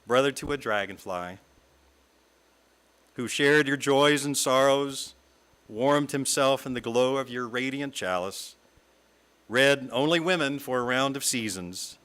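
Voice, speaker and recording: A middle-aged man from the American South, a guest speaker giving a reflective talk read from a script in a lyrical, measured way. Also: medium pitch, a bit bright. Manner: lyrical, measured reading with long lists. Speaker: guest speaker at a fellowship service.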